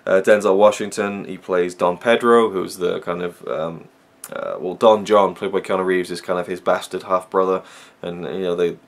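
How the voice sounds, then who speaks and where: A man's voice: deep voice, steady tone, moderate pace, hardly any pauses. A man giving a casual, rambling film review, full of fillers and restarts.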